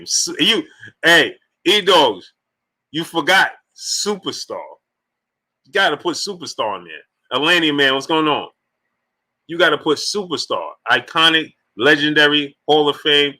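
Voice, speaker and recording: Expressive and a little slow, this man's voice is fairly high and sharp. Hosting a sports live stream, he reads out viewer super chats in slangy, emotional fashion, laughing often until the tears come.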